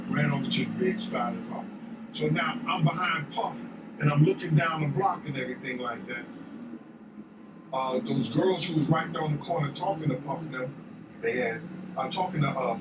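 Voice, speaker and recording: A man telling a long street story in casual, profane talk, often asking "you know what I'm saying". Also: a little high. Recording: echoey, distant, noisy.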